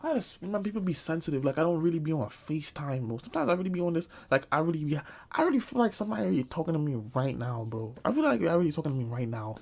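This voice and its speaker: A man's voice: on the high side, big pitch swings, rapid-fire, gravelly, few pauses, a little mellow. A man telling a comic storytime, talking loosely in slang and saying bro a lot. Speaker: vlogger. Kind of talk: comedic storytime.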